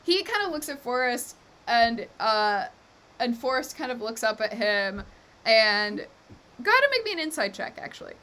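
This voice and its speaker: A woman's voice: a little high, big pitch swings, normal speed, sharp tone. A woman running a live tabletop game as game master, narrating in an easygoing way with frequent laughs and fillers.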